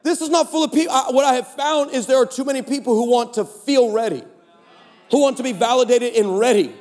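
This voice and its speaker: A man preaching a sermon at a conference, telling stories and building to shouts. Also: extremely high pitch, brisk. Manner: storytelling, animated, rising to shouts. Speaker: pastor. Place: conference stage in a large hall. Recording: echoey large hall.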